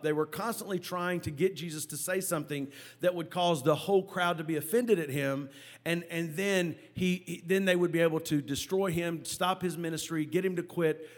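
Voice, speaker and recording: Animated preacher man telling a story. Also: high-pitched. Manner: animated storytelling with halting repetitions. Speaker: pastor. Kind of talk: sermon.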